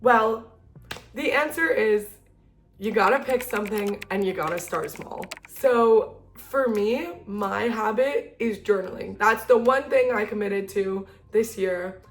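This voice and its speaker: A woman's voice: medium pitch, unhurried, a little hiss or hum. Earnest chatty young woman. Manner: earnest, chatty, lots of fillers and restarts. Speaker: self-help video creator. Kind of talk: casual talk to camera.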